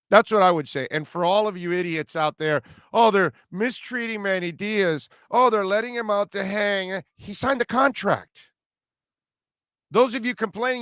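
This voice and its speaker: A middle-aged sports radio host with a high-set voice gives a blunt, preachy talk. He speaks close to the mic in a dry studio, hitting each point in short, emphatic bursts. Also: a bit bright, dry recording. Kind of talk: opinionated sports talk monologue.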